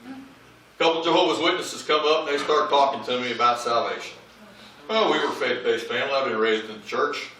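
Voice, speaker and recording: A man's voice: mid-range voice, fairly quick, bright, forceful tone, heavy reverb, far from the mic, low-quality recording. A man giving a humorous eulogy, telling family anecdotes and acting out the voices of the people in them. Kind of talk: storytelling eulogy at a memorial. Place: large memorial hall with audience. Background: audience laughter.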